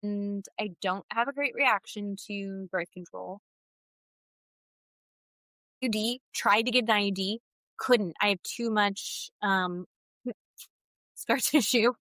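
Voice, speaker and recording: Woman, podcast co-host, casual chat, bright tone, dry recording. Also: mid-range voice, takes it slowly, pauses often, no echo, poor audio. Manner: animated storytelling with quoted dialogue.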